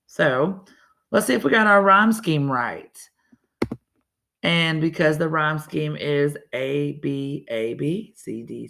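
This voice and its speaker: A woman talks through a recorded lesson in a loose, chatty way. Her voice carries a bit of gravel, and she often stops and restarts mid-sentence. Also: low voice. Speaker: teacher.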